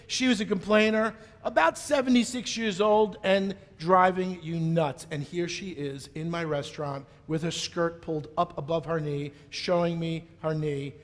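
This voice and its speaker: A middle-aged man giving a keynote speech on stage, telling a story in a playful, animated way. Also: high-pitched. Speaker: keynote speaker. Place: conference stage in a large hall. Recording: long reverb of a large hall.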